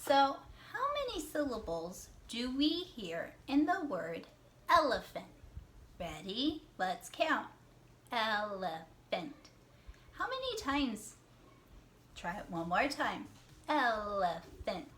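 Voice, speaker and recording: Teaching young children to read, this woman has a high, fairly bright voice with big pitch swings, and there's slight background noise. She talks slowly, draws words out to count their syllables, praises answers, and sometimes drops to a whisper.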